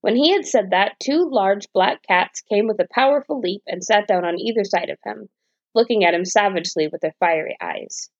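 A woman reading a fairy tale aloud as a bedtime storyteller, in a steady, gentle way. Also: mid-range voice, normal speed, no room sound. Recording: dull dry lo-fi recording.

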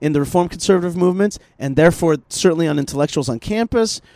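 A man talks politics on a podcast in an animated, rambling way. His voice sits a bit high, and he keeps repeating himself and restarting his phrases. The sound is dry and close, with no room echo. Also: fast talker. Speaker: podcast host. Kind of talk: casual political chat.

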